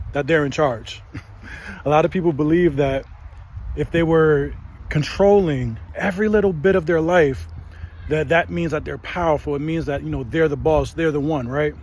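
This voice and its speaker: A man's voice: on the high side, a little hiss or hum. A man in his thirties hosting a faith channel, giving a casual motivational talk and often tagging his lines with "right?". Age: 30s.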